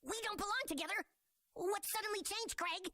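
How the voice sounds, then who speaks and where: A frantic, squeaky cartoon boy. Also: brisk, bright, forceful tone, no echo, clean studio sound, full character voice. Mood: hurt, accusing. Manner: frantic, anxious outbursts. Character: jittery, panicky, high-strung schoolboy.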